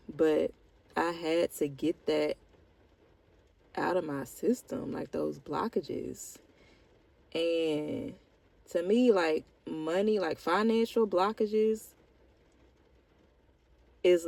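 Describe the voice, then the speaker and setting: A woman's voice: low-pitched, gravelly, a little mellow, no echo, low-quality recording. A woman vlogger talking candidly about her life in a rambling, heartfelt way, with lots of "like" fillers. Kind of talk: candid personal vlog confession.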